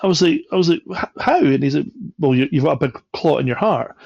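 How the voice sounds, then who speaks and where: A man with a gravelly, creaky voice tells a story in a relaxed, chatty way, slipping into the voices of the people in it. The recording is dry and a little dull. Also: on the high side, quick pace, no room sound. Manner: animated, acts out quoted voices. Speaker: podcast guest. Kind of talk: casual storytelling.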